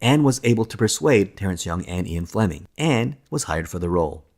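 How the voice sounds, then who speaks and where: Low-voiced man narrating a film documentary. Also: lively intonation, a little fast, a little mellow. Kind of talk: scripted narration.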